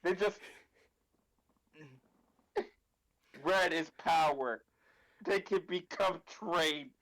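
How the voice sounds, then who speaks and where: A man co-hosting a casual stream, halting and hesitant, full of ums as he lays out plans. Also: a little high, a bit bright, rough recording. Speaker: co-host.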